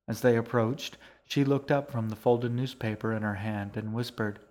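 A man narrating his own novel in a podcast, reading in a measured, unhurried way. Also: on the low side, level tone, a little mellow. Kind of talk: scripted narration.

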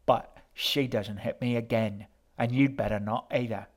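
A man's voice: mid-range voice, fairly even intonation, moderate pace, lightly acted. A man doing a sneering, cruel boy. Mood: hostile. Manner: sneering, with false cheer. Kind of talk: audiobook character voice.

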